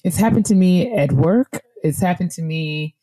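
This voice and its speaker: A woman's voice: fairly low pitch, normal speed, warm tone. A woman co-hosting a book club chat, talking casually, laughing often and repeating herself when she gets worked up.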